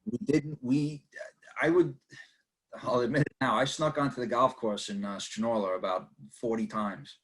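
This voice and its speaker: New York guy, average pitch, relaxed storyteller who acts out the lines. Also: normal speed. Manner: laughing anecdotes, acting out quoted voices. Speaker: guest. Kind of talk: casual storytelling.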